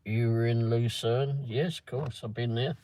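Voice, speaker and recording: An English man chats on a casual livestream at an ordinary mid-range pitch. He rambles from topic to topic and answers viewers by name in a loose, easygoing way. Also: steady tone, a little slow, warm tone, poor audio. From England. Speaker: livestream host. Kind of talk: casual chat reading live comments. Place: in a car around town.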